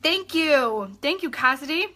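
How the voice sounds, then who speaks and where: Bright, chatty woman coaching her sales team. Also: high voice, unhurried. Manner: energetic, chatty, repeats points and checks in with "okay?"; acts out customer chats in a bubbly voice. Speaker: direct sales team leader. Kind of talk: live video training for her sales team.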